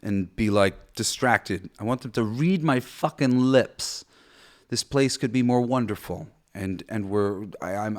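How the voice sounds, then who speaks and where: Profane, rambling man podcast host. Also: lowish voice. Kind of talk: casual monologue.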